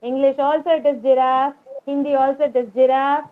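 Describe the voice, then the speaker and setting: Woman, kindergarten teacher, online class, high voice, tinny call audio. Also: level tone. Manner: slow, patient, repeats each word pair. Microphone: video call.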